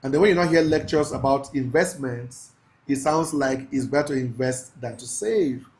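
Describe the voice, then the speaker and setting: A man's voice: medium pitch, darkish tone, soft background music. Emphatic preachy man teaching a class. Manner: preachy, emphatic, slows down to stress key phrases; laughs often, casual asides to the class. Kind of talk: live class lecture.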